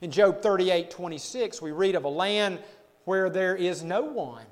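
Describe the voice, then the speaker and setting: High-voiced man preaching in a reverberant hall. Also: expressive, measured pace. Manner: preaching with wide swings from loud emphasis to quiet, low asides. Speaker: pastor. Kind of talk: sermon.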